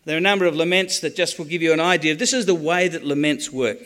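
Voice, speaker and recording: Aussie guy giving a sermon, kinda high voice, animated, acts stuff out. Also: fast. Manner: animated, acts out quoted prayers, jokey asides. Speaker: preacher teaching on the Psalms.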